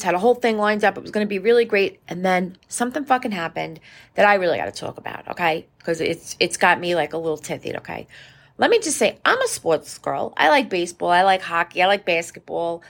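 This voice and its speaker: A woman's voice: fairly low pitch, lively intonation, fairly quick, vocal fry. A middle-aged woman hosting her podcast, ranting casually with profanity and sarcasm. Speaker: podcast host.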